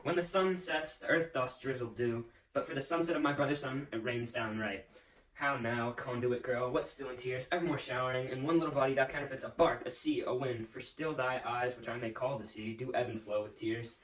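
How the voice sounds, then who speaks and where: A man's voice: medium pitch, fairly even intonation, fairly quick, a bit bright, recorded from a distance, close to an everyday voice. A man playing a furious, domineering nobleman father in an amateur Shakespeare reading, with blustering, theatrical rants. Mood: grieving. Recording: roomy echo, off-mic.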